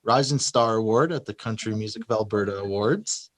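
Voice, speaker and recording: A man's voice: lowish voice, brisk, no echo. A man hosting an interview, asking short friendly questions with a few "uh" fillers. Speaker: interview host.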